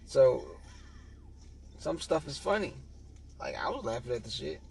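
A man's voice: mid-range voice, huge pitch swings, unhurried, creaky, a loud crowd. A man co-hosting a casual podcast, blunt and joking, with casual swearing. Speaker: podcast co-host.

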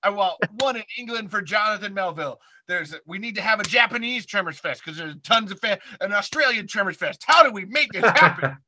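A man's voice: high-pitched, brisk, few pauses, background noise. A man hosting a podcast, chatting casually and joking with his guest. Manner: laughing, joking, animated. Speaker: podcast host. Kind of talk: casual interview chat.

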